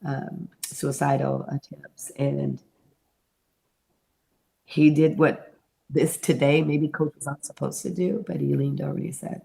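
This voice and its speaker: Low gravelly woman telling her story. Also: fairly even intonation, unhurried, pauses often, warm tone. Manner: earnest storytelling, acts out remembered voices. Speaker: interview guest, mentor and therapist. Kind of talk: personal testimony in an interview.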